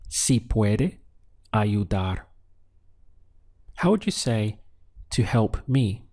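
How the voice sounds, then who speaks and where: Slow, patient man teaching Spanish. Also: fairly low pitch, sing-song, dark tone. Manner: slow, patient prompting with pauses for answers. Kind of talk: scripted language lesson.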